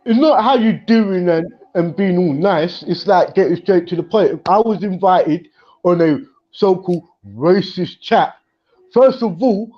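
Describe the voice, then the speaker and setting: A man with a fairly high voice argues as a debate guest, stumbling and repeating himself as he works through his points. The audio comes through a muffled online call. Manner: halting, repeats words, builds his points slowly. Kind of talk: heated debate chat.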